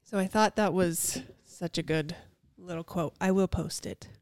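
Woman, young adult, podcast co-host, casual chat, slightly lower voice, close dry mic. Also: unhurried, darkish tone, dry recording. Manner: reads a passage aloud earnestly, then chats. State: slightly out of breath while reading.

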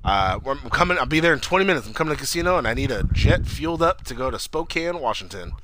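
An excitable man recaps a TV episode in casual chat, acting out each character's lines with a lively, bouncing pitch. He swears freely. Clear background noise runs under his voice. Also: quick pace.

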